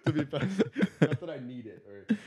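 A man chats casually into a podcast microphone with a mid-range voice. He talks in slang, swears freely, laughs often and gets animated whenever he tells a story. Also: medium pitch, moderate pace. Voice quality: slangy and profane, laughs often, animated when telling stories. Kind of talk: casual chat. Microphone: studio microphone.

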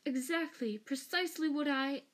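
A woman voicing a cowardly middle-aged male traitor wizard, shrill, panicky and stammering. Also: measured pace.

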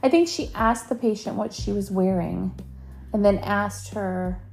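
Playful laughing woman, warm voice. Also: mid-range voice, unhurried, gravelly, soft background music. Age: adult, older than co-host. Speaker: podcast co-host. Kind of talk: casual chat.

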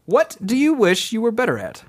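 A man's voice: sits high, huge pitch swings, fairly quick. A man in casual comedic chat, joking and laughing often as he riffs on interview answers. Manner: jokey, laughs often, playful voices.

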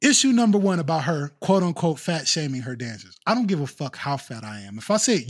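A high-voiced man with a wildly swinging pitch, co-hosting a casual podcast. He talks in a profane, animated way and keeps acting out other people's lines in mocking voices. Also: fairly quick, few pauses. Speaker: podcast co-host. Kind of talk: casual comedic chat.

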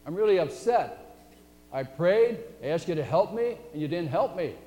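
A man's voice: fairly high pitch, sing-song, quick pace, dark tone. A man voicing a stubborn, stranded flood victim who keeps refusing rescue, insisting and pleading as he tells a parable. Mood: aggrieved. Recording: echoey hall, faint hum.

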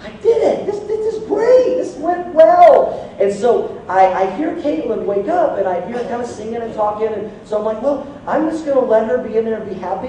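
A man in his forties delivers a sermon, telling stories with lively, self-mocking humor. His voice sits high and mellow. The recording catches him from afar in a very reverberant church hall, with a faint hiss underneath. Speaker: pastor. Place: church sanctuary. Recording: very echoey hall from a distance.

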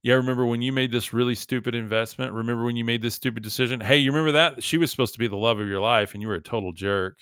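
A man's voice: mid-range voice, rapid-fire, few pauses, fairly bright tone, clear, resonant tone, dry recording, clean studio sound, lightly acted. A man voicing a group of laughing, mocking male buddies who tease someone about his life. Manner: cackling, teasing.

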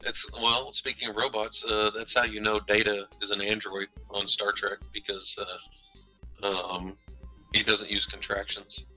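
A man co-hosting a casual podcast, talking in halting bursts with lots of fillers. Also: fairly low pitch, flat delivery, bright, forceful tone, faint music behind. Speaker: podcast co-host. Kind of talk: casual chat.

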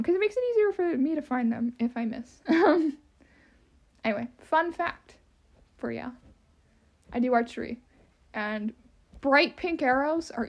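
High squeaky-voiced young woman rambling. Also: gravelly. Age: young adult. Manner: rambling, heavy on "um" and "like", self-deprecating asides. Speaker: podcast host. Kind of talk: casual solo podcast rambling.

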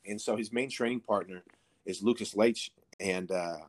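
Appearing on a podcast, this man in his thirties has a lowish voice and a moderate pace. His casual, meandering story is heavy on profanity and filler words.

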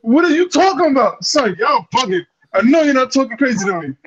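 A man's voice: very high-pitched, sing-song, fairly quick, breathy edge. A young man in casual sports banter with friends, teasing and repeating himself mockingly. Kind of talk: casual trash talk among friends. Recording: dull lo-fi audio.

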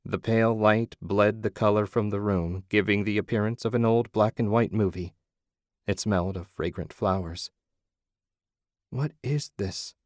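A low-pitched male narrator reads a story aloud in a measured, low-key manner. The recording is close and dry, with no room sound. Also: fairly even intonation, no echo. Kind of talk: audiobook narration.

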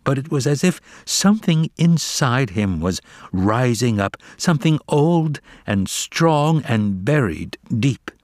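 A medium-pitched male voice reads a children's novel as an audiobook, delivering the scripted text in a measured, expressive way. The studio-quality recording has no room sound.

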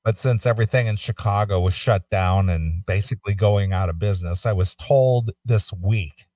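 A man in casual chat who mostly backs up his co-host with quick agreeing replies. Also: lowish voice, mellow, dry recording, clean studio sound, far from the mic. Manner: listens with short agreeing replies.

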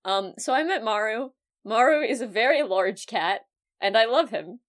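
Podcast cohost woman, slightly high voice, rambly and relaxed. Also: normal speed. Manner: relaxed, rambling, filler-heavy. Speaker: podcast co-host. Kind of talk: casual chat.

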